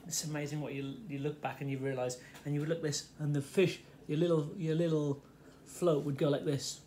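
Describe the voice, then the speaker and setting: A middle-aged man from England's Fens rambles through a childhood story in his home kitchen for a casual vlog, cutting into his own sentences. His fairly high voice is dark in tone, level and a little fast, with faint radio music and a little hiss or hum.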